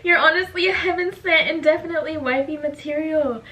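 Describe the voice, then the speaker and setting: A woman's voice: high voice, fairly quick, pushed and bright. A young woman chatting casually through a makeup vlog, bubbly and giggly, with lots of "like" fillers. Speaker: beauty vlogger.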